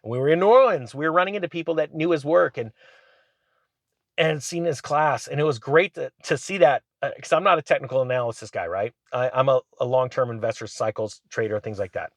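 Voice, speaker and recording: A man's voice: medium pitch, a little fast, no room sound, clean studio sound. Man vlogging from his truck. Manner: rambling, animated storytelling with laughs. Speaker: finance YouTuber. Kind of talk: casual vlog monologue. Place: inside a truck.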